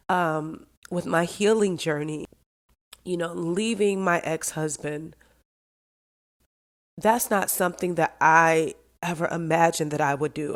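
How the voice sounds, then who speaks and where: Reflective middle-aged woman, podcast host. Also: deep voice. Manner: reflective, heartfelt, talks through her thoughts. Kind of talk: candid solo podcast monologue.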